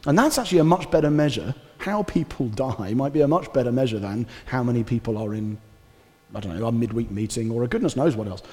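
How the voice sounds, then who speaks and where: Man, pastor, conversational sermon, mid pitch, long hall reverb. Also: fast talker. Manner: conversational, animated preaching with asides. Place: church hall.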